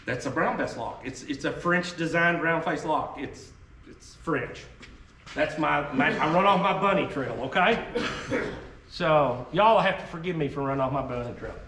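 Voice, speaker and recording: A man's voice: on the high side, pushed and bright, a little hiss or hum. Folksy man teaching in an echoey room. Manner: folksy, joking, tangent-prone storyteller. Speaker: historical arms presenter. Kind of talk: casual teaching talk to an audience. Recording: echoey room, mic far off, faint ambience.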